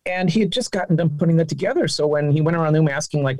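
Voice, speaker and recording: A man telling his career story as an interview guest, animated and chatty, his voice jumping up when he quotes people. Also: very fast, no room sound. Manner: animated, with sudden pitch jumps. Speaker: guest, game sound designer and singer.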